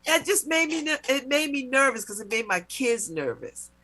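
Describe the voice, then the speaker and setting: A middle-aged woman hosting a talk show, telling a personal story in a casual, animated way, with mock-indignant retellings. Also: high-pitched, moderate pace. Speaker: radio talk show host.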